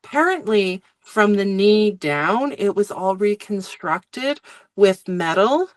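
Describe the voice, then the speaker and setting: A woman's voice: mid-range voice, lively intonation, takes it slowly, no room sound. Woman guest telling stories, dry sound. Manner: chatty, rambling, many fillers. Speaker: guest, medium and Reiki practitioner. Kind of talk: casual storytelling in conversation.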